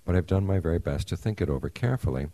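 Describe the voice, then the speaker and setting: A man's voice: low voice, expressive, rapid-fire, mellow, no echo. A man voicing a small, humble human embryo in a fable, pleading earnestly and modestly.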